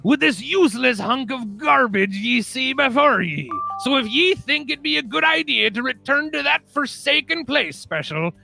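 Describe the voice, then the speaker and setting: A man voicing a gruff pirate with a patched-together mechanical body who speaks in slow old pirate talk. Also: very high voice, expressive, sharp tone, soft background music, pitched above the performer's own voice, full character voice. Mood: bitter.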